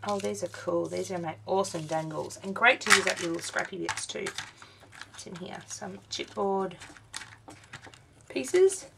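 A woman's voice: on the low side, steady tone, normal speed, creaky, very noisy. A woman, tired and yawning, chatting through a craft unboxing vlog and exclaiming over each little item. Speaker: craft vlogger.

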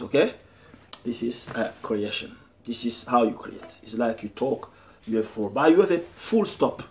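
This guitar teacher has a medium-pitched, darkish voice. He breaks the lesson into steps, alternates English with French, and fills it with hesitations and restarts while a guitar plays in the background.

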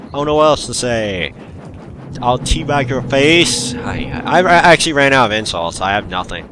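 A man's voice: mid-range voice, lively intonation, moderate pace, fairly bright tone, slight background noise. A man giving uncut gameplay commentary, ranting and grumbling at the game he is playing. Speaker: gaming channel host.

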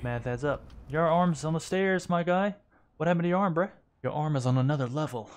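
A male streamer with a fairly high-pitched voice gives brisk, casual gameplay commentary. He jokes around and teases his opponents with playful trash talk.

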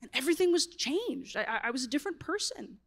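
A woman tells a story from the stage. She sits a little above the usual pitch for a woman and talks in a loose, animated way that is full of "like" fillers. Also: fast talker. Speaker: speaker. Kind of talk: storytelling conference talk.

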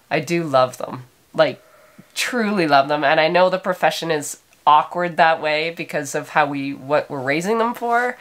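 A tired woman, a sheep farmer, chatting emotionally in a casual vlog as she reads out viewer comments. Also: sits low. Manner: emotional, warm and chatty with frequent laughs.

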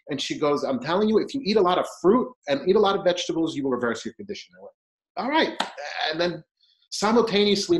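A middle-aged man giving a personal testimonial, animated as he acts out the conversations he had. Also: mid-range voice, rough recording. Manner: animated storyteller, acting out dialogue. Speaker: diabetes patient sharing his story.

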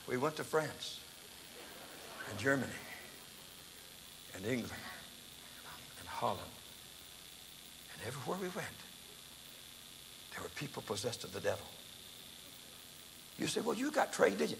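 A man, an evangelist preacher, telling a testimony in a sermon as an animated storyteller who acts out voices and shouts. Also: mid-range voice, normal speed, gravelly, pauses often, in a large hall, background noise. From United States.

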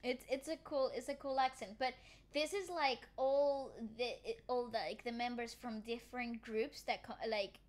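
A woman's voice: on the high side, steady tone, moderate pace. A woman hosting a reaction video, chatting casually and giggling a lot. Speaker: host of a reaction channel. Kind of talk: casual chat.

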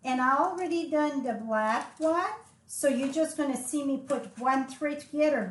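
A woman with a French accent, French her first language, giving a live craft tutorial, talking slowly and chatting as she works. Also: high-pitched. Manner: slow, chatty, thinking aloud as she works. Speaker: papercraft instructor. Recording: echoey room with faint noise.

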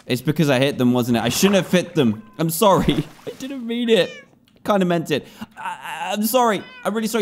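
A man's voice: mid-range voice, lively intonation, brisk, slight background noise. A man giving gameplay commentary, scolding and pleading with the characters in his game. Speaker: gaming video host.

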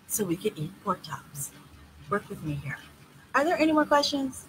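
A woman who organizes tours, answering questions in a casual live video with a blunt, profane, animated way of talking. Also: lowish voice, fairly quick, background noise. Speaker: tour organizer and host.

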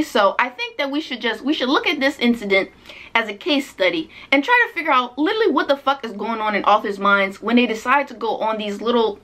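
A young woman with a fairly high voice rants on her book vlog, sarcastic and plainly exasperated. She swears freely and keeps circling back to the same point. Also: fairly bright tone. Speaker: book vlogger. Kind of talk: ranting vlog commentary.

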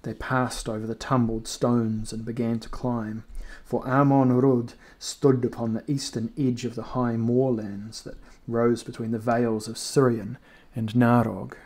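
Mellow male audiobook narrator. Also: mid-range voice. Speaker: reader.

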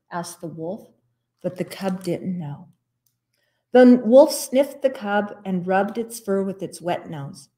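A woman librarian reads a children's picture book aloud for story time. She takes it slowly and expressively, giving each line room. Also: fairly low pitch. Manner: slow, expressive read-aloud.

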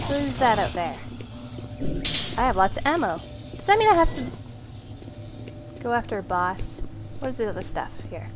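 A woman's voice: medium pitch, very animated, unhurried, pauses often, noisy background. A woman commenting on a horror game as she plays, jumpy and often screaming at monsters. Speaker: gaming video host. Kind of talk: let's play commentary.

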